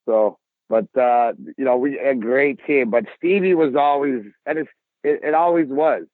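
A former hockey player being interviewed, telling rambling, profane stories full of restarts. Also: male voice, mid-range voice, normal speed, dry recording. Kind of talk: casual storytelling interview. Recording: tinny phone-like line.

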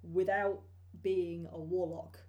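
Woman, lowish voice, casual podcast co-host, sheepish and agreeable. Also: little pitch movement, slow pace, lo-fi sound. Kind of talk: casual chat about tabletop game content.

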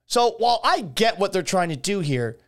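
A man hosts his own podcast and rants through the news in a loose, casual way. His voice sits fairly high for a man, and his delivery is sarcastic and salty, with frequent swearing. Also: sing-song, normal speed, gravelly. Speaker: podcast host. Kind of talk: casual solo podcast commentary.

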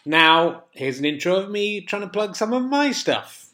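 A man casually reading a sponsor plug in a relaxed, chatty way, with fillers. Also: high voice, moderate pace. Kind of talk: casual spoken ad read.

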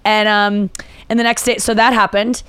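A woman's voice: mid-range voice, flat delivery, moderate pace, a bit bright, clean tone, no room sound. A young woman talking as a podcast guest, telling a candid story in casual chat and acting out the quoted lines. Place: indoor studio room.

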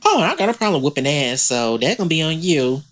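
A man's voice: a little high, big pitch swings, brisk, a bit bright. A man co-hosting a casual podcast chat, talking bluntly and profanely with lots of animation. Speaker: podcast co-host.

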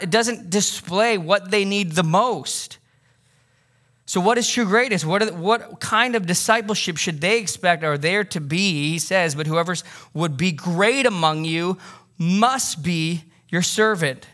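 Guy pastor giving a sermon, chatty and jokey but punchy on the key points, kinda high voice. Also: measured pace, bright, forceful tone. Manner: conversational, joking, emphatic.

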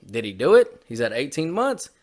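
A man's voice: medium pitch, huge pitch swings, normal speed, a little mellow. A man co-hosting a podcast, ranting on politics in a heated, profane way. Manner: heated, profane, repetitive swearing. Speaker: podcast co-host. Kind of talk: opinionated political rant.

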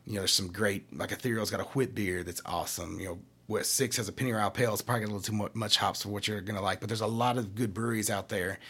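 A man from Kentucky talks about craft beer for his brewery in a relaxed, chatty way. His voice is husky and sits fairly low. He explains things with analogies and little acted-out quotes. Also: very fast, few pauses. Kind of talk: casual chat.

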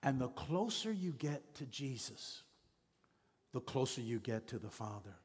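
Slow, emphatic male pastor preaching. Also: mid-range voice, sing-song, breathy edge, big-room sound. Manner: emphatic, repetitive preaching cadence. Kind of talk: sermon.

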